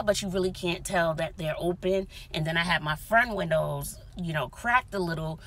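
A woman vlogger telling a dramatic story in casual chat, often dropping to whispers, recorded inside a parked car. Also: on the low side. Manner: animated, dramatic retelling with whispered asides.

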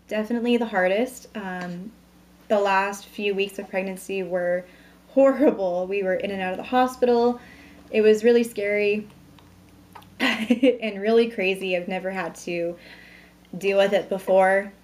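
Bubbly and chatty, a woman in her thirties talks into a camera mic at home, showing off products and introducing a new baby. She is a beauty vlogger in a casual vlog, and her mid-range voice sounds a little mellow.

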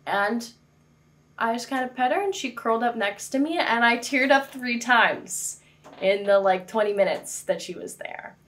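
A woman's voice: a little high, expressive, moderate pace, a bit bright. A woman hosting a faith vlog from her apartment, chatting casually with jokey, playful asides. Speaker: faith video host.

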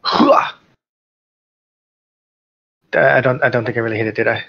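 A man playing a character in a tabletop game, talking hesitantly with many pauses and restarts. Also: medium pitch, fairly even intonation, creaky, fairly bright tone. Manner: hesitant, lots of uh and restarts, chuckling. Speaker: player. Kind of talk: casual tabletop game chat. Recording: dull lo-fi voice chat audio.

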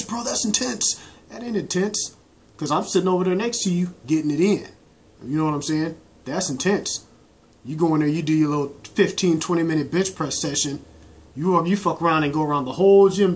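A fairly high-voiced man rants straight into his laptop webcam from a dim room. He talks bluntly in loose slang, swearing constantly as he lays out his views on training. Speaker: bodybuilder vlogger. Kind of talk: casual profane rant to camera. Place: indoor room lit by laptop and corner lamp.

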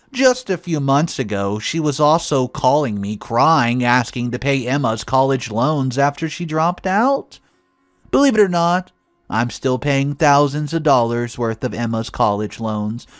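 Male narrator, animated delivery, dry close sound, faint music underneath. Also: medium pitch, a little slow, no room sound. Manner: lively, dramatic storytelling. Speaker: story narrator. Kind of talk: reading a first-person story aloud.

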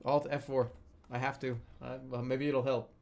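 A man streaming a video game, commenting live, often yelling, laughing and repeating phrases over and over. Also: medium pitch, moderate pace. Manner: excitable, yelling and laughing a lot.

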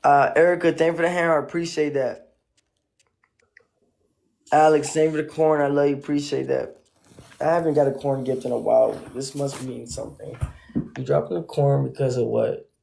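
A man's voice: mid-range voice, steady tone, fairly quick, vocal fry, long pauses, darkish tone. A man streaming live, thanking viewers for their gifts in laid-back casual chatter. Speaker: livestreamer.

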